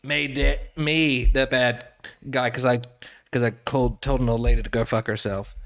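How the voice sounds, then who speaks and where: A man in mid pitch, talking as a guest on a comedy podcast. He tells stories with animated, self-deprecating energy. He often stumbles and restarts as he goes. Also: moderate pace. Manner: animated, self-mocking storyteller with many restarts. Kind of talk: casual podcast chat.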